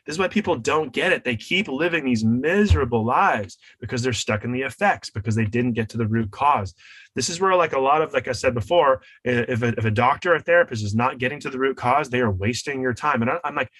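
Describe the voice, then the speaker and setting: Fast-talking emphatic male coach. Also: mid-range voice, fairly bright tone, breathy edge, no echo, low-quality recording. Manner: emphatic, teacherly, acts out voices in his examples. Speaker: wellness coach and author. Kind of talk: podcast guest interview.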